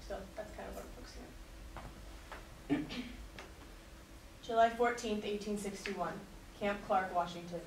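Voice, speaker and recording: A woman giving a class presentation and a dramatic reading of a letter, in an earnest, measured delivery. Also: medium pitch, fairly even intonation. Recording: echoey room recorded from a distance, faint noise.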